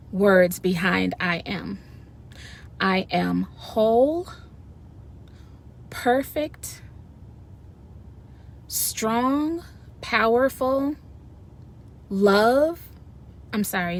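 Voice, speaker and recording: A woman giving a casual motivational talk on a wellness vlog, animated and folksy, speaking to viewers through a phone or webcam mic. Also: medium pitch. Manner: animated, folksy, says "y'all". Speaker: wellness vlogger.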